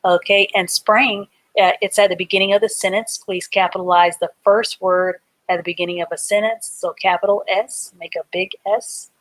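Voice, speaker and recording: A woman's voice: medium pitch, steady tone, normal speed, hardly any pauses. A woman teaching a live online reading class, patiently spelling words out letter by letter and explaining them simply.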